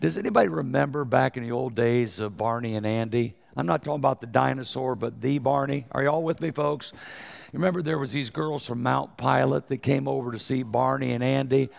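Hoarse, gravelly older preacher man. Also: medium pitch, brisk. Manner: joking, self-deprecating, talks to the crowd. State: hoarse from a cold. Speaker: evangelist preacher. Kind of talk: folksy sermon opening.

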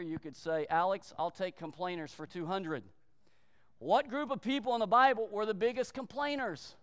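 A male pastor preaching a sermon in an emphatic manner, slowing down to stress points and briefly acting out quoted voices. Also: sits high, fairly bright tone, smooth, in a large hall.

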